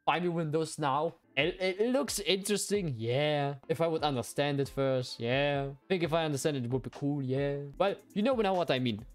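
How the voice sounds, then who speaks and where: A young man giving casual, profane gameplay commentary as a streamer, excitable and quick to outbursts. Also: fairly high pitch, soft background music. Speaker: gaming streamer.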